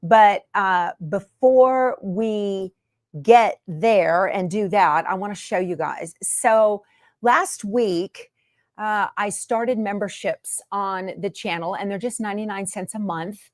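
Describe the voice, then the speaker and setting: A woman's voice: mid-range voice, slow, no room sound, studio quality. A woman hosting her sewing channel in a chatty, homey way from her sewing room. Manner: chatty and homey, many fillers. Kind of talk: casual chat to camera.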